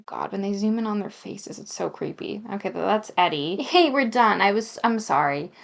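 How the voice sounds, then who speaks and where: A woman's voice: mid-range voice, animated, normal speed, gravelly. A young woman reading a dating game aloud and commenting on it with sarcastic, exasperated asides. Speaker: gamer.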